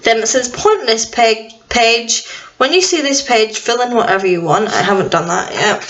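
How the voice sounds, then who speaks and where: A woman's voice: fairly high pitch, animated, normal speed, noisy background. Chatty young woman, lo-fi home video. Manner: rambling, chatty, self-deprecating. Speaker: vlogger. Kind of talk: casual chat. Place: at home indoors.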